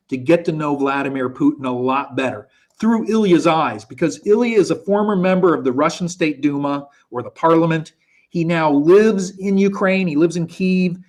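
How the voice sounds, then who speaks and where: A man from the United States co-hosting a live online interview show, chatty and prone to self-corrections. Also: on the high side. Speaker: co-host. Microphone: video call.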